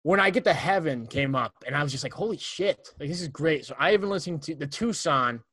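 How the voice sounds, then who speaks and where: A man's voice: on the high side, animated, fast, fairly bright tone. A young man co-hosting a podcast, joking and teasing in casual chat. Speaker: podcast co-host.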